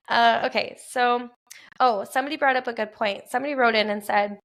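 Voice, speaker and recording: A Wisconsin-accented woman in her thirties, with a voice a touch on the high side, hosts a laid-back solo podcast at night from her quiet home. Chatty, she fills space with fillers and quick laughs.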